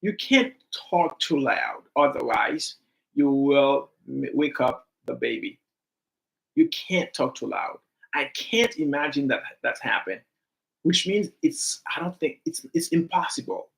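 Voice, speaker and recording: A man teaching an English grammar class online, animated and repetitive as he coaxes his students to give examples. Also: fairly high pitch, a little slow, creaky.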